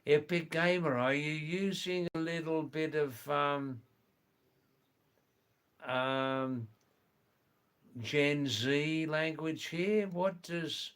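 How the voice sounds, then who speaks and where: A man's voice: on the high side, fairly even intonation, extremely slow, long pauses, fairly bright tone, clean tone. A man hosting a casual livestream from indoors, chatting with viewers, greeting them by name and often laughing. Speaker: livestream host. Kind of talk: casual livestream chat, reading comments. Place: indoors, during a power cut.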